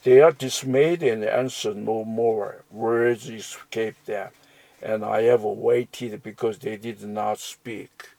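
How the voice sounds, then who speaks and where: A man's voice: on the low side, fairly even intonation, slow pace, vocal fry, dark tone, no echo, low-quality recording. A man reading Bible verses aloud and explaining them, with frequent restarts and fillers. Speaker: Bible teacher. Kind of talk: slow scripture reading and commentary.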